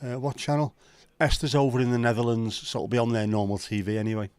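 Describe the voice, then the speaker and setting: A man's voice: medium pitch, little pitch movement, fast talker, a little mellow, clear, resonant tone, no echo. A man who hosts a casual live stream, chatting and joking and greeting viewers by name. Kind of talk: casual watch-along chat.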